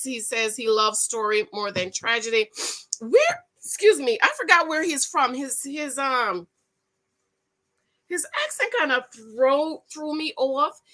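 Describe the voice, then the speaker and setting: A woman's voice: a little high, sharp tone. A woman recapping a reality dating show in a casual vlog, gushing and rambling with frequent self-corrections.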